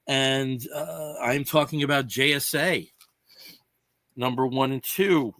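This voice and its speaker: Guy hosting a comics podcast, bright forceful voice, dry close sound, rambles with lots of you knows. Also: medium pitch, slow pace, no room sound. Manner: rambling, many "you know" fillers, explains comics at length. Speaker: podcast host. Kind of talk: casual chat.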